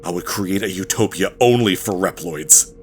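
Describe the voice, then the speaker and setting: Gloating robot overlord, as a man reads him out, low-voiced, theatrical, barely holding back glee. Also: moderate pace, over music, close to an everyday voice. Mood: scheming. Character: gloating male robot villain scheming to rule. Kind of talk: reading game dialogue aloud.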